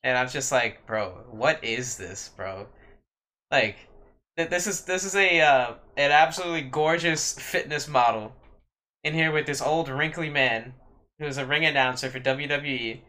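A man's voice: on the high side, normal speed, sharp tone. A man co-hosting a podcast in casual chat, blunt and opinionated, with lots of "like" fillers. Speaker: podcast co-host.

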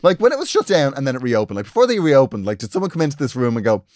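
A young man chatting casually, telling stories with big laughs and sudden quiet asides. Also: rapid-fire, no echo, clean studio sound. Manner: animated storyteller, laughs often, swings between loud bursts and low asides. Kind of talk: casual chat.

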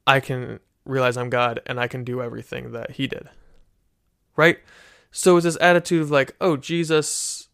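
A man of ordinary pitch talks through a Christian teaching in a casual, conversational manner. He often restarts his sentences and checks in with listeners as he goes. He speaks into a desk microphone in a room with a bookshelf. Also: steady tone, moderate pace, vocal fry, fairly bright tone, smooth. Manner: conversational, many "right?" tags and restarts. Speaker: Christian teacher, podcast host. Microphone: studio microphone.

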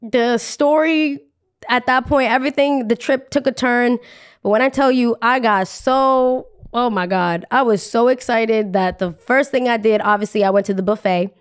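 A woman's voice: fairly high pitch, moderate pace, clear, resonant tone. Young woman telling a chatty story. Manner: chatty, repeats phrases for emphasis, frequent "like". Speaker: podcast host telling a story. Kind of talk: casual storytelling.

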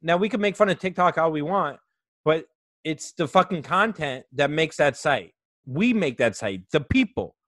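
A man's voice: on the high side, expressive, moderate pace, fairly bright tone, no echo, studio quality. A young adult man hosting a comedy podcast, ranting sarcastically with lots of swearing and mock voices. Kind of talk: comedic monologue.

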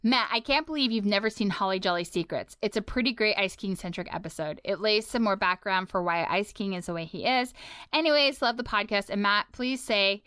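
A friendly woman co-hosting a podcast with a smooth, clear voice. She chats easily and reads listener mail. The sound is dry and close. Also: medium pitch, a little fast, sharp tone, no room sound. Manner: friendly, easygoing. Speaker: podcast co-host. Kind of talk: casual chat, reading listener mail.

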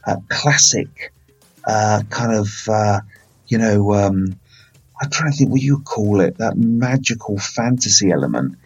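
A man's voice: lowish voice, a little mellow, husky, dull audio. A man hosting a casual film review podcast, rambling and playful with lots of fillers.

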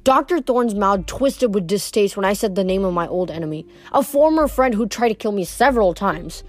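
A woman reading a novel aloud in steady first-person storytelling, with occasional stumbles and rereads. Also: mid-range voice, brisk, soft background music. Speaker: reader.

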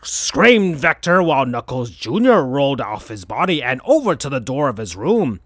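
A man hosting a podcast, reading absurd fan fiction aloud in a slow deadpan. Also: mid-range voice, no room sound. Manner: slow, deadpan, breaks into laughter. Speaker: podcast host.

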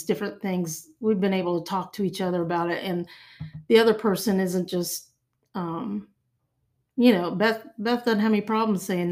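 A woman's voice: mid-range voice, mellow. An older woman guest talking in a chatty way, often repeating words as she thinks. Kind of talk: interview conversation.

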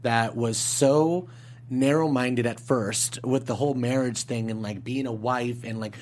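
A woman's voice: extremely low pitch, fairly even intonation, measured pace, darkish tone. A woman co-hosting a fan after-show, chatting casually with playful asides. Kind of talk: casual chat.

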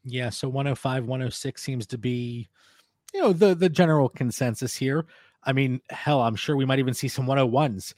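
A man's voice: medium pitch, moderate pace, darkish tone, dry recording, studio quality. A man co-hosting a casual podcast discussion, steering the talk and passing questions to his co-hosts. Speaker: podcast co-host, fantasy football analyst.

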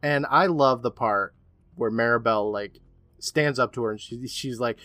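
A man's voice: mid-range voice, measured pace, no echo. A man co-hosting a podcast, recapping an episode in casual chat and acting out the lines he quotes. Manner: animated storytelling, acts out quotes. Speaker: podcast co-host.

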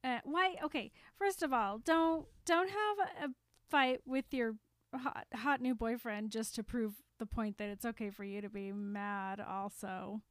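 A woman's voice: a little high, steady tone, a little slow, dry recording. A woman co-hosting a podcast, adding wry, teasing commentary on the characters in casual chat. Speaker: podcast co-host.

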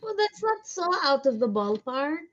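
Casual: foul-mouthed woman joking around at the table, a bit high, dull cheap mic. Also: sing-song, moderate pace. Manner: crude, profane, brash joking. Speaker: player. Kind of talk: casual in-character tabletop chat.

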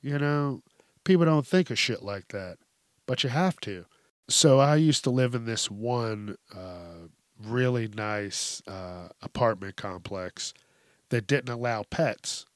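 A man hosting a news-reaction show, telling stories in blunt, profane, animated casual commentary. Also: fairly low pitch, takes it slowly, no room sound, clean studio sound. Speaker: host.

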